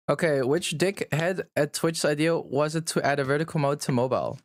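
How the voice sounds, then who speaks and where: A man's voice: a little high, moderate pace, no echo, clean studio sound. A man livestreaming and answering chat in a blunt, profane, teasing way.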